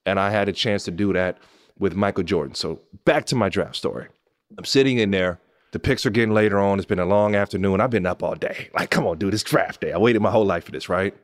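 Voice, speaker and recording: A man in his thirties from Pasadena telling a personal story to his listeners as host. He talks in an animated way, jumping up high when excited and dropping low and quiet when moved. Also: fast talker. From Pasadena, California. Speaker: podcast host and former NBA player.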